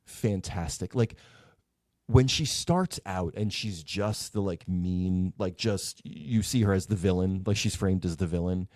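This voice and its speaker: A man co-hosting a podcast in casual chat, talking in an effusive, animated way. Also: deep voice, measured pace, no room sound. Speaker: podcast co-host.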